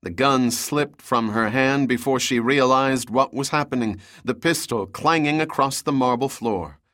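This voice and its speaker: Male audiobook narrator, mid pitch, steady thriller read, dead-dry booth. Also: unhurried, dry recording.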